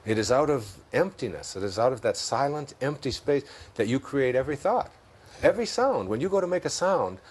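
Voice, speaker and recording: A man's voice: mid-range voice, very animated, fairly quick, few pauses, husky. A man with a Detroit accent, a guest in an interview, talking in an expansive, storytelling way and laughing at his own jokes. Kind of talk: reflective spiritual interview talk.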